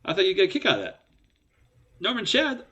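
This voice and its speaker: A man's voice: sits high, huge pitch swings, brisk, sharp tone, muffled recording. Joking male poker-stream co-host. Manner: joking, self-mocking, laughs often. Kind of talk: casual live-stream banter.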